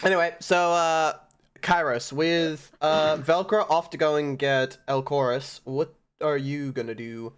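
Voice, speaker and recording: A game master running a tabletop session over voice chat, talking in a middle pitch. The narration is hesitant and loose, with frequent fillers between descriptions of the scene. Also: steady tone, measured pace, clear, resonant tone.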